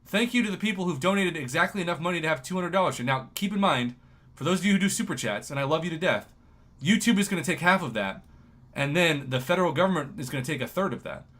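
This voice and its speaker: A man in his thirties from New Mexico, hosting a casual livestream and talking in an emotional, excitable, ranting way. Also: on the high side, fast talker. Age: 30s. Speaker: livestream host.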